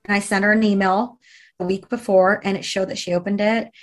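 A woman's voice: mid-range voice, fairly even intonation, brisk, soft background music. Earnest woman recounting a personal story. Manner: earnest, conversational, with fillers and restarts. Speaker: interviewee.

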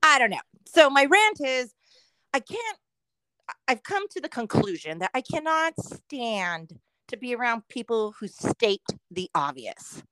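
A woman's voice: on the high side, sing-song, fairly bright tone, no room sound. A woman co-hosting a casual podcast chat, often laughing as she rants. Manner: slow, laughing, playful ranting. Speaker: podcast co-host.

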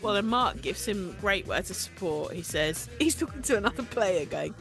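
A woman's voice: mid-range voice, expressive, moderate pace, fairly bright tone, soft background music. A woman co-hosting a podcast, chatting casually and giggling as she acts out quotes in playful voices. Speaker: podcast co-host. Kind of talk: casual recap chat.

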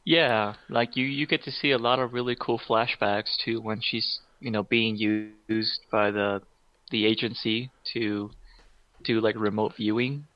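A man's voice: fairly low pitch, steady tone, unhurried, no room sound, dull audio. A man co-hosting a podcast in casual chat, rambling and enthusiastic with many fillers.

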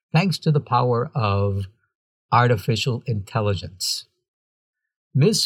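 A man's voice: medium pitch, no echo. A man hosting a show, reading a scripted segment and slipping in dry jokey asides. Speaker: podcast host.

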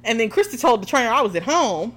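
A young adult woman co-hosting a podcast, chatting casually in a relaxed, wry way. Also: fairly high pitch, fast. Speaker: podcast co-host. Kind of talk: casual chat.

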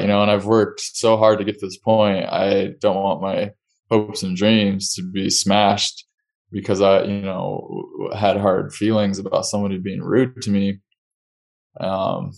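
Low, gravelly-voiced male host. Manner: reflective, rambling questions with many fillers. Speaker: host and physician. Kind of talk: casual interview chat.

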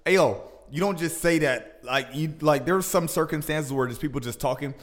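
A man co-hosting a casual boxing podcast, talking in an animated way and getting louder as he argues his point. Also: moderate pace. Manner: animated, heats up and rises in pitch when arguing. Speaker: podcast co-host.

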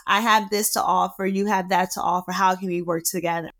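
A woman entrepreneur chatting as a podcast guest, animated and quick to laugh while telling stories. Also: on the low side. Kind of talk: casual conversation.

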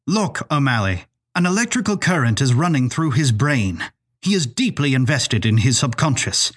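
A man voicing a soft-spoken, courteous keeper of a dream lodge with a grand way of talking. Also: mid-range voice, big pitch swings, normal speed.

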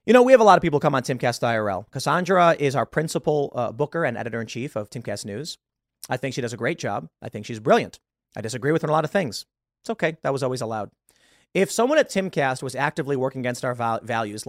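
A man's voice: mid-range voice, no echo, studio quality. A man in his thirties hosting a podcast, delivering a combative opinion monologue with emphatic outbursts and stammered restarts. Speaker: podcast host.

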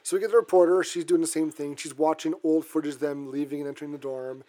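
Casual male co-host, slightly higher pitched, halting, lots of restarts. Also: steady tone, mellow. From Canada. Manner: halting, with frequent restarts and fillers. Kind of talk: casual chat recapping a horror film.

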